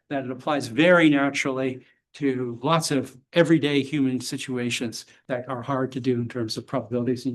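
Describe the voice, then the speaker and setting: A man giving a university lecture and answering audience questions, measured and academic with occasional blunt dry humor. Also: medium pitch, a bit bright. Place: lecture hall.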